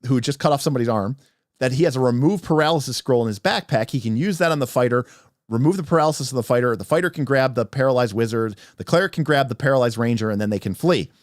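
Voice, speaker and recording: A man's voice: mid-range voice, dry recording. Guy rambling thru a game story on stream, medium voice, super dry close mic. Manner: animated, rambling with restarts. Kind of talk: livestream storytelling.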